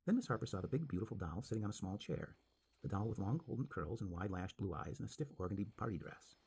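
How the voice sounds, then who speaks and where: A man reading a spooky story aloud with dramatic, expressive narration. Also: lowish voice, fast, gravelly, breathy edge.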